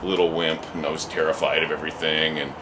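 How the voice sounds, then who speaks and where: A man's voice: rumbling low, flat delivery, quick pace, noisy background. A man, a musician telling a story in an interview, rambling with many restarts and casual swearing. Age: 40s.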